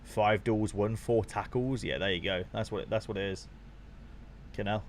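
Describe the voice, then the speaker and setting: A young man chatting casually to his viewers on a live stream while watching football, swearing freely and getting excited. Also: lowish voice, normal speed, slight background noise.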